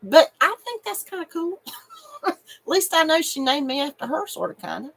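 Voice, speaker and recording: Giggly high-voiced woman streamer. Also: sing-song, moderate pace, creaky, rough recording. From North Carolina, USA. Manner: giggly, chatty and emotional, laughs often. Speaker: live stream host. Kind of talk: casual live stream chat, reading viewer comments.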